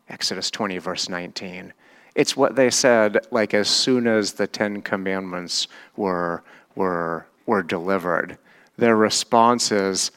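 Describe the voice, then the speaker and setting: Unhurried low-voiced male preacher. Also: fairly bright tone. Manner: conversational, asks the congregation questions. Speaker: pastor. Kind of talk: sermon.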